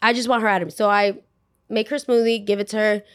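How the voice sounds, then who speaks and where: A young woman casually telling a retail work story, animated and full of fillers, acting out what people said. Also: medium pitch, fast talker, smooth, no echo, clean studio sound. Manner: animated, lots of "like", acts out quotes.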